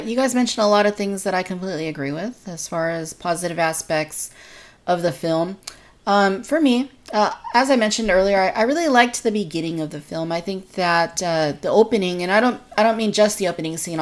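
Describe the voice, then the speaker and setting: Low-voiced woman co-hosting a podcast. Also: normal speed. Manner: earnest, detailed fan reviewing. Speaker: podcast co-host. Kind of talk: casual podcast discussion.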